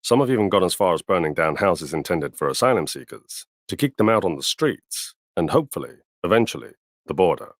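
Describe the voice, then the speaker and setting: A man giving scripted news narration in a formal, steady way. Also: deep voice, brisk, no echo, studio quality.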